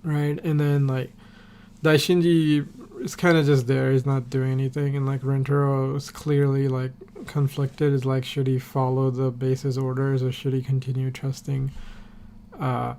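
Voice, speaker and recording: A man's voice: mid-range voice, little pitch movement, unhurried, a little mellow, slight background noise. A man recapping a TV episode on a podcast in a casual, rambling way, full of fillers and casual swearing. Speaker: podcast host.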